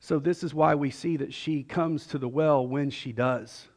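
A middle-aged male pastor preaches from a church stage, his voice a touch higher than most men's and noticeably gravelly. He keeps it conversational and light, slipping in jokes and quick asides to the congregation. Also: a little mellow. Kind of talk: sermon.

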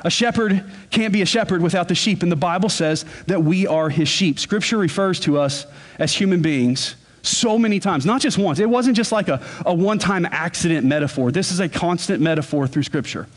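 A man preaching a sermon as pastor, earnest, and he slows down to stress key words. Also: sits high, animated.

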